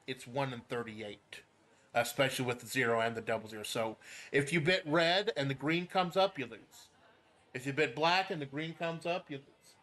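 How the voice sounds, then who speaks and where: Male stream host, middle pitch, stammers and swears, patient rule explainer. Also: moderate pace, a bit bright. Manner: stammering repeats, profane, jokey; explains game rules step by step. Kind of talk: casual game stream chat.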